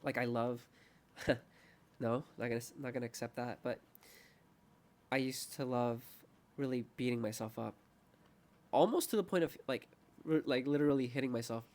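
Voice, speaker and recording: A man's voice: medium pitch, normal speed, long pauses, a little mellow. A young man hosting a casual podcast chat, rambling and self-mocking, laughing often and acting out quoted voices. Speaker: podcast host.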